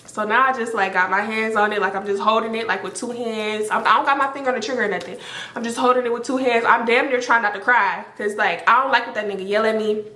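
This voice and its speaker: A young woman telling a story to camera in a casual, animated and profane way, with many filler words. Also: fairly high pitch, fast. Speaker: storytime vlogger. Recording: roomy echo.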